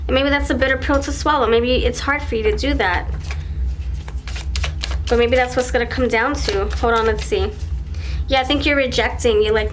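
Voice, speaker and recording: A woman's voice: fairly high pitch, steady tone, moderate pace, pauses often, slight background noise. A woman reading tarot cards for viewers. She thinks aloud as she pulls the cards and often stops and restarts her sentences. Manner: acts out imagined dialogue between partners. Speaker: tarot reader. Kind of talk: pick-a-card tarot reading.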